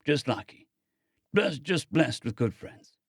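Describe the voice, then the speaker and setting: Guy voicing a tired humble young spacer, quiet, kinda shaken, lively pitch, dry sound. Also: takes it slowly, slightly rough, no echo, full character voice. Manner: quiet, humble, says "aye". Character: weary young male spacer, modest and shaken. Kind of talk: audiobook character voice.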